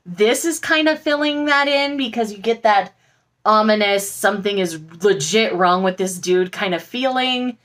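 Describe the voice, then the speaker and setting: A woman vlogger talks through her latest book haul in a casual, gushing way. She rambles warmly from one pick to the next, with plenty of fillers and restarts, at a middle pitch. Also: moderate pace. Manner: chatty and gushing, many fillers.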